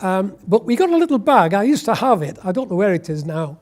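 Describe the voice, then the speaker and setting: A man's voice: high voice, sing-song, brisk, darkish tone. A man, telling a wry, anecdotal war story in an oral history interview. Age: 80s.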